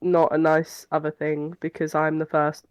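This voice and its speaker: Smooth-voiced hesitant player, dry sound. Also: mid-range voice, monotone, moderate pace, dry recording. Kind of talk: casual tabletop game chat.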